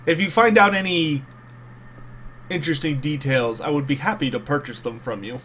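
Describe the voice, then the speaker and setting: A man voicing a wary male ship's officer who asks probing, measured questions in a tabletop game. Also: a little high, fairly bright tone, slight background noise, lightly acted. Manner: measured, insinuating.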